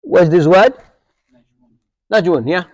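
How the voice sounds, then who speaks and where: A man's voice: sits high, big pitch swings, slow, a little mellow. A man teaching an Arabic grammar lesson to a live class, quizzing students and checking in with "okay?" and "yeah?" as he goes. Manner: corrects his own slips aloud.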